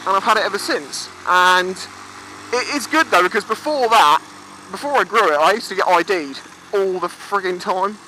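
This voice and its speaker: Out on his motorbike by the sea, a twenty-something Englishman tells stories for his vlog in a chatty, foul-mouthed way, putting on voices for the people he quotes. His high voice has lively intonation, a pushed, bright quality and a normal speed. The recording is rough, with faint road and engine sounds.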